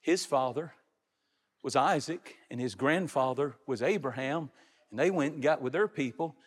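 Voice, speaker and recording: A middle-aged man preaching a sermon as pastor, building to shouts and stretching out his phrases. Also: mid-range voice, normal speed, breathy edge. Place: large church sanctuary. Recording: reverberant hall. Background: congregation.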